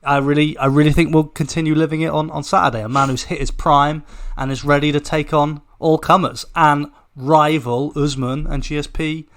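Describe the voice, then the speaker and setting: A man co-hosting a sports podcast in casual chat, measured and analytical, often breaking off and restarting. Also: a little high, level tone, fairly bright tone. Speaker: podcast co-host.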